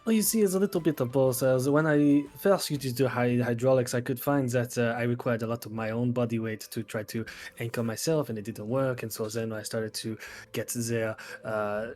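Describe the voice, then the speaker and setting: Man doing a smooth-talking artificer with a put-on French accent, theatrical, for a tabletop game. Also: medium pitch, steady tone, brisk, a little mellow, soft background music, lightly acted. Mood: proud. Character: charming male artificer with mechanical arms. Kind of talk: tabletop role-play in character.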